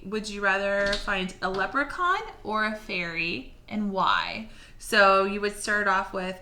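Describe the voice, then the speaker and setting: A woman teacher reading a storybook aloud to her class and then giving assignments in a clear, encouraging way. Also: medium pitch, pushed and bright. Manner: clear, encouraging, slightly halting when speaking freely. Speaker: elementary school teacher. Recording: roomy echo.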